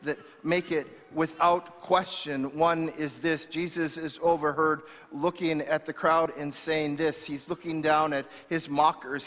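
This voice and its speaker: A man's voice: on the high side, a bit bright. Impassioned male pastor in an echoing church. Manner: impassioned, repeats words when restarting. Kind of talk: sermon. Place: church sanctuary. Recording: reverberant church hall.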